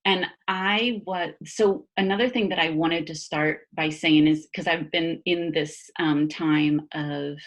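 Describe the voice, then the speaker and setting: A woman speaking as a body-mind therapist guest in a casual conversation, animated, laughing often and using many fillers and restarts. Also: low-pitched, slow, hardly any pauses.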